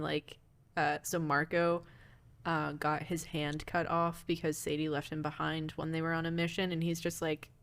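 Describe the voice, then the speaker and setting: Chatty woman podcast co-host. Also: low voice. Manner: chatty, many fillers and laughs. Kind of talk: casual chat about a movie.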